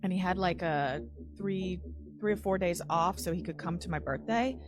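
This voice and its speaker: A woman's voice: lowish voice, moderate pace. A young woman telling a personal story in casual talk, rambling with lots of "like" and swearing. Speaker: podcast guest.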